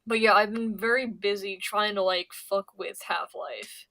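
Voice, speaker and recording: Her mid-range voice is steady and sharp, and she speaks at a measured pace. She's a young Pennsylvania woman chatting casually on her stream, rambling, swearing, and frequently stammering and restarting.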